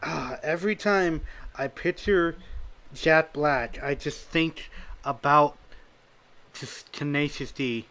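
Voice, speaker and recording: A young man of nineteen hosts a casual interview over a voice call, his voice sitting a touch high and sounding bright and forward. He hesitates and restarts often while asking questions. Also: takes it slowly. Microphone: computer mic on a voice call.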